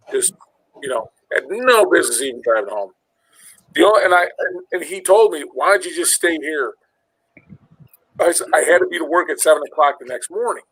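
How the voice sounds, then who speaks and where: A man's voice: a little high, fairly bright tone, husky, dry recording, low-quality recording. A man, probably in his forties, casually telling a long personal story, rambling and swearing and acting out the other voices in it. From Illinois, USA. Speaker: podcast host.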